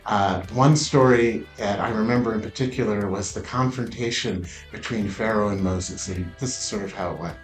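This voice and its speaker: Man telling a story in a roomy echo. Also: on the low side. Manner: unhurried with frequent "uh" pauses. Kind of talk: personal storytelling. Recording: roomy echo, faint music.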